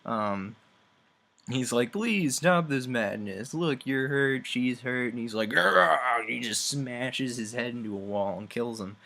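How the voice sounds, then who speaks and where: A young man giving a rambling, sarcastic comedic game review, acting out characters in quick voices. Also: mid-range voice, a bit bright.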